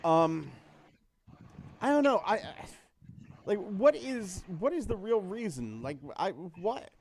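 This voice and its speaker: A man's voice: high-pitched, very animated, a little mellow, a little hiss or hum. A man co-hosting a casual chat podcast, ranting and mocking with plenty of swearing. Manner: profane, ranting, quick to mock. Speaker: podcast co-host.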